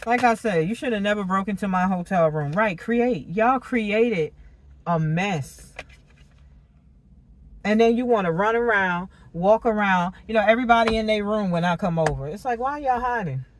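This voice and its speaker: A woman doing a casual tarot reading monologue, animated and slangy, laughing and cursing as she talks. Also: mid-range voice, normal speed. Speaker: tarot reader.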